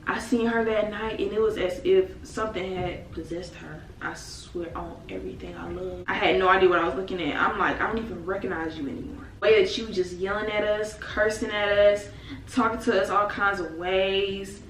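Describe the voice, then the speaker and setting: A young woman casually telling a story with animated, dramatic slang. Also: mid-range voice, moderate pace. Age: young adult. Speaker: vlogger. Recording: echoey room, mic at a distance, faint noise.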